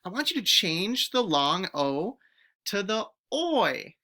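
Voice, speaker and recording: A woman teacher giving a recorded phonics lesson to young pupils, stretching out each word sound clearly and encouraging the children to join in. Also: medium pitch, very animated, takes it slowly, sharp tone. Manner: encouraging, speaks directly to children.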